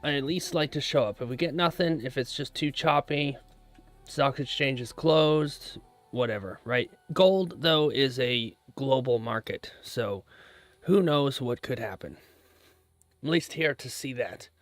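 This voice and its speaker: A man's voice: medium pitch, measured pace, no room sound. A man hosting a trading live stream, chatting casually and easily with his viewers while checking charts. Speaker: livestream host, futures trader.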